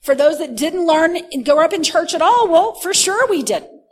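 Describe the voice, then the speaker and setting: A woman preaching a sermon, teaching earnestly and slowing down to stress key words. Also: extremely high pitch, animated.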